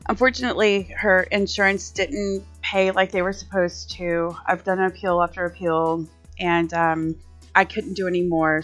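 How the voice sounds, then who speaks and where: A woman's voice: mid-range voice, fairly bright tone. Rambling woman host in her forties. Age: 40s. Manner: rambling, conversational, many restarts. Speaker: podcast host. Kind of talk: casual storytelling monologue. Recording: slightly muffled lo-fi audio with faint music.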